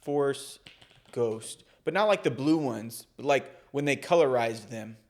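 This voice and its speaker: Dry-joking man co-host. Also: mid-range voice. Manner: dry joking, quick asides. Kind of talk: casual chat reacting to online posts.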